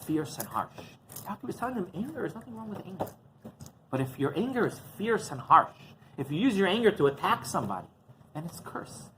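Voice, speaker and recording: A man giving a rabbi's sermon, animated, constantly checking in with "right?" and restarting words. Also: sits high, brisk, a little hiss or hum, rough recording. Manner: keeps asking "right?", animated delivery.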